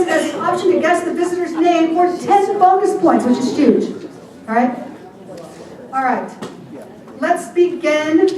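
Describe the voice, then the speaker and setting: A woman's voice: high-pitched, a little mellow. An older woman hosting a group game, reading out the rules in a playful way. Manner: playful, reads rules aloud. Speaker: event host. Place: large hall with an audience. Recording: echoey hall from far off, crowd noise.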